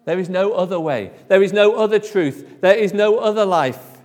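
Male preacher, high voice, emphatic delivery with hushed endings, long church-hall reverb. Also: normal speed. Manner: emphatic, drops to a hush at phrase ends. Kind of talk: sermon.

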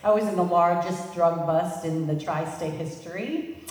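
A middle-aged woman sharing a personal recovery testimony with an audience, telling her story in an animated way and laughing at herself. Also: on the low side, moderate pace. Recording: echoey hall, mic far off.

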